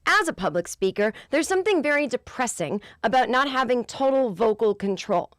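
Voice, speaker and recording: A woman's voice: a little high, brisk, no echo, studio quality. A woman hosting a podcast, talking in a chatty, casual monologue. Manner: chatty, animated, mimics voices for effect. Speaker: podcast host.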